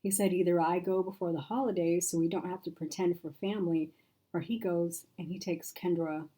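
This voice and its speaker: A woman reads a tired, ashamed woman friend who speaks in a hushed, sighing way. The voice sits low and mellow, quiet and subdued throughout. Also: fairly even intonation, brisk, natural voice, low-quality recording. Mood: remorseful. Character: weary remorseful woman friend, soft-spoken.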